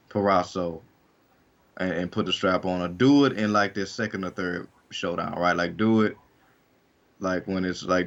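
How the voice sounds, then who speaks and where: A man's voice: deep voice, lo-fi sound. A man co-hosting a wrestling podcast, talking casually and rambling with lots of fillers and restarts. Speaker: podcast co-host. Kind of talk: casual chat.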